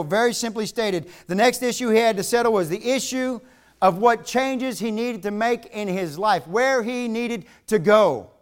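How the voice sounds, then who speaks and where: A middle-aged man from Virginia preaches at a revival. His voice sits high, and he talks earnestly, telling stories to make his point. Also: moderate pace, clean tone. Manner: earnest storytelling with bursts of laughter. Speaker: pastor. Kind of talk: revival sermon.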